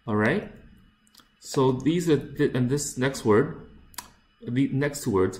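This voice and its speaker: A man teaching English pronunciation, repeating each word slowly and carefully, with frequent fillers. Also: medium pitch, expressive, a little mellow. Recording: echoey room.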